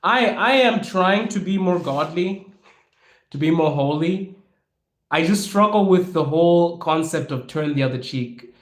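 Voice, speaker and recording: A young adult man from Africa hosting a podcast, answering listener questions in a frank, animated, casual way and laughing often. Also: on the high side, a little slow. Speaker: podcast host. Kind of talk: casual Q&A talk. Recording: echoey room.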